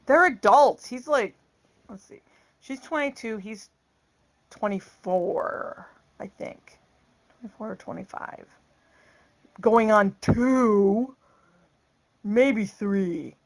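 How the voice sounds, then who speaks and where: A woman's voice: fairly high pitch, expressive, slow pace, pauses often. A middle-aged woman vlogging, telling a story in a blunt, exasperated, outspoken way. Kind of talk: casual storytelling vlog.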